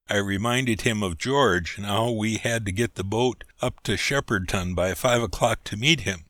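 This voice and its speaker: Guy reading a story aloud, slow and bright, dry close sound. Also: mid-range voice, no echo. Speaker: audiobook narrator. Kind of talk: storybook narration.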